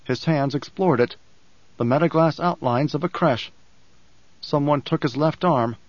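A male audiobook narrator reading in a measured, solemn manner. His voice sits a little higher than most men's. The recording is dry and slightly dull, with a lo-fi feel. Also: dry recording. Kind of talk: scripted narration.

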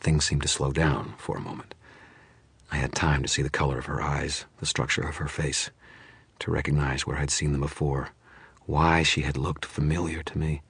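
Deep-voiced male audiobook narrator, husky and dry-recorded, measured, grim first-person reading. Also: flat delivery, fairly bright tone, no room sound.

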